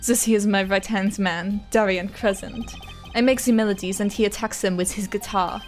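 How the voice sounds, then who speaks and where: A woman's voice: mid-range voice, steady tone, normal speed, close to an everyday voice. A woman voicing a suave, cocky male rock-star prosecutor with a put-on German accent, over faint game music. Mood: smug. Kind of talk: reading game dialogue aloud on stream.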